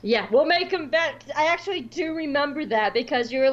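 A woman's voice: sits high, fast talker, few pauses. Chatty Southern-raised woman, lo-fi. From American South. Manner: chatty, animated, acts out quoted dialogue. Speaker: podcast host. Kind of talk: casual chat.

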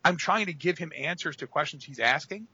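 A man's voice: on the high side, lively intonation, fairly quick, bright, forceful tone, breathy edge. A man co-hosting a podcast in casual chat, telling long rambling stories full of fillers. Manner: rambling, filler-heavy storytelling. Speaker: podcast co-host. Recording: dull lo-fi audio.

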